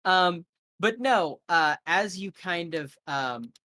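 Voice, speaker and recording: A man's voice: sits high, animated, slow pace, bright, forceful tone, no room sound, clean studio sound. A man serving as game master, narrating a horror scene in a loose style full of fillers.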